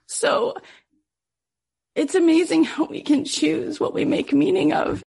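A woman's voice: high voice, a little slow, creaky, a little mellow. A middle-aged woman podcast host telling an emotional personal story in an earnest, heartfelt way, full of casual fillers.

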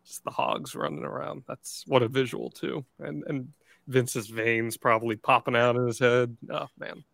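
A man co-hosting a podcast, asking questions quickly and reacting with enthusiasm. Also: mid-range voice, steady tone, gravelly, fairly bright tone, dry recording. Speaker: podcast co-host. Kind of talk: casual interview chat.

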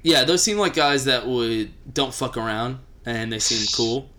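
A young man with a light Texan accent and a bright, forward voice. He talks in a loose, casual way, full of "like" and "uh", tossing out blunt, opinionated takes with a joking edge. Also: medium pitch, unhurried, slight background noise. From Texas. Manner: opinionated, joking, many fillers. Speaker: podcast co-host. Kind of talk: casual chat.

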